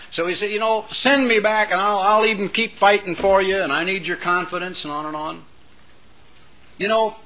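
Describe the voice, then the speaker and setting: Rambling, opinionated man with a bright voice. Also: fairly high pitch, low-quality recording. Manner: digressive, opinionated, many fillers and pauses. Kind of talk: rambling monologue.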